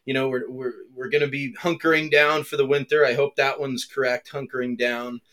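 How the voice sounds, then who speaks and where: A man's voice: medium pitch, little pitch movement, fairly quick, fairly bright tone. A man with an American accent co-hosting a golf podcast, chatting casually and animatedly, steering the show's segments. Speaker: podcast co-host. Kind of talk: casual chat.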